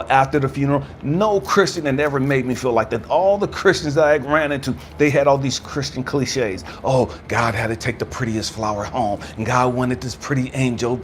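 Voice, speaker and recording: A man's voice: mid-range voice, a little hiss or hum. A man hosting his channel, telling an emotional personal story in an informal, slangy way and addressing listeners as family. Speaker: channel host, spiritual speaker.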